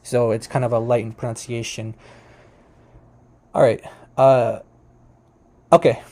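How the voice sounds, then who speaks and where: A man talks through debate clips in an easygoing commentary, his voice mellow and dark. He rambles, restarts his sentences often and leans on fillers, with amused chuckles along the way. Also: mid-range voice, little pitch movement, a little slow. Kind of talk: casual commentary over a screen share.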